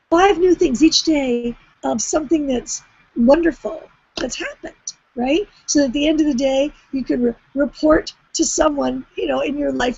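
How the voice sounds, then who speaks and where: A woman's voice: high voice, vocal fry, a little mellow, husky, no echo. A woman, talking casually in a group call, rambling and restarting often. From Canada. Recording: dull lo-fi sound.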